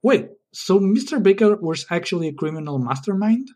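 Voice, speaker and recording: Excitable, high-pitched male podcast host. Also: normal speed. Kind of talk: comedy sketch.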